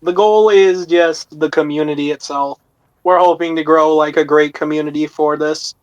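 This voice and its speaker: Young male co-host, fairly high pitch, relaxed and easygoing. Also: normal speed, muffled recording. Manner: relaxed, keeping voice down. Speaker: podcast co-host. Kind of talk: casual chat.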